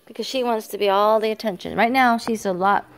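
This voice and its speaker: Filming her granddaughters on a handheld phone at home, an older woman talks a little fast in a mid-range voice during a casual home video chat. Between remarks she issues firm, affectionate orders to the kids and dogs.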